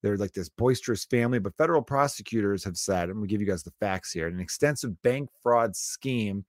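A man's voice: lowish voice, a little fast, no room sound, studio quality. A man in his thirties hosting a comedy podcast, riffing in a profane, joking monologue. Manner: profane, riffing, mock impressions.

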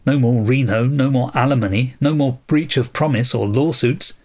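A man's voice: a little high, lively intonation, unhurried, slightly rough, pitched above the performer's own voice. Man doing a bitter, complaining writer. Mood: sarcastic. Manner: loud, lamenting, sarcastic. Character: frustrated male writer, bitter and self-pitying.

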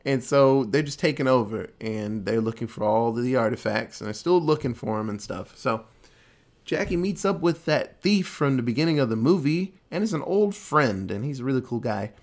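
A man casually recapping a movie plot in a loose, animated way, with lots of fillers and some swearing. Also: medium pitch, moderate pace.

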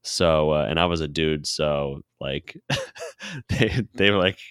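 Man, very deep voice, dry close sound, casual storytelling, frequent laughter, swearing. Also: animated, slow, a bit bright, clean tone, no echo. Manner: laughs often, swears freely, quotes himself in a low muttered voice. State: sore throat.

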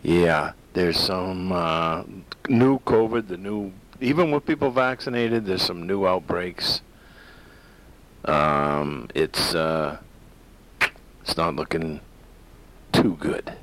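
A man's voice: deep voice, takes it slowly, long pauses, a bit bright, rough recording. A man hosting a talk radio show, rambling through opinionated casual monologue with many fillers and restarts.

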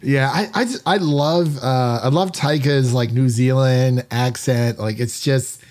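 A man's voice: mid-range voice, measured pace, a little mellow. A man hosting a film podcast in a casual, upbeat chat, full of fillers and restarts. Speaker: podcast host.

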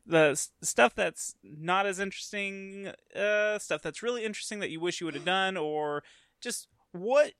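Male podcast host, bright crisp tone, dry close mic, loose and laughing. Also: high voice, moderate pace, dry recording. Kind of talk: casual podcast chat.

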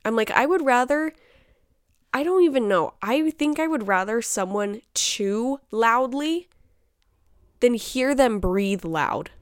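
A woman's voice: fairly high pitch, expressive, slow, smooth, no echo, studio quality. Chatty woman ranting in exasperation. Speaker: podcast host. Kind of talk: casual solo chat.

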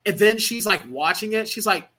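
A man's voice: high voice, normal speed, bright, forceful tone, poor audio. A man co-hosting a podcast, chatting casually and playfully about a film. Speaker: podcast co-host. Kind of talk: casual chat.

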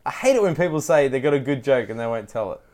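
A man's voice: medium pitch, animated, quick pace, a crowd in the background. A man hosting a show, chatting casually in a laid-back manner. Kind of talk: casual chat.

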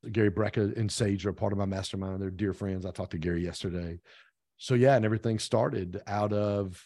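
Lively middle-aged male storyteller, low voice. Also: fairly quick, no room sound, studio quality. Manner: animated storyteller who acts out quoted dialogue. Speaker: podcast guest, real estate team owner. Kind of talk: casual storytelling interview.

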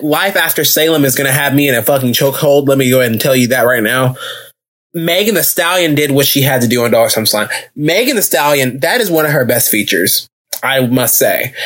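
A man hosting a podcast episode, reviewing in a gushing, casual way with lots of fillers, restarts and repeated phrases. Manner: lively pitch jumps when excited. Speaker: podcast host. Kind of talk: casual solo review chat.

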